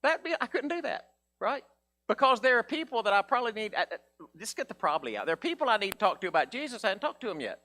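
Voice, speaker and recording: A man's voice: high-pitched, fast. A male pastor preaching a folksy sermon, acting out the characters' voices. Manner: folksy, animated, acts out voices of Bible characters.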